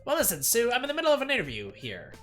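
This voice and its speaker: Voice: medium pitch, huge pitch swings, rapid-fire, a bit bright, faint music behind, pitched above the performer's own voice. A streamer voicing a cocky, brash young male journalist who talks in a smug, breezy, teasing way. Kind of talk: voicing a game character while reading aloud.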